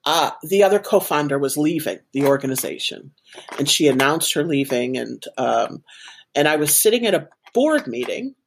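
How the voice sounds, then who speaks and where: A woman's voice: low-pitched, expressive, moderate pace, slight background noise. A woman guest in an interview, telling a personal story animatedly with many fillers. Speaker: guest, organization president.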